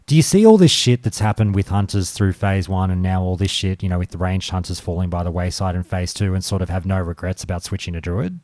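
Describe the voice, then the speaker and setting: A man with a lowish, mellow voice hosts a casual podcast. He talks loosely and swears a lot, and when he reads notes he rushes through them. The sound is dry and close. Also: no room sound. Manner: profane, joking, reads patch notes at speed. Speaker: podcast host.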